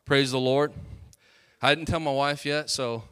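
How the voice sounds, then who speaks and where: A male pastor preaching an energetic sermon to his congregation, with quick asides to the crowd. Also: medium pitch, clear, resonant tone. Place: church sanctuary.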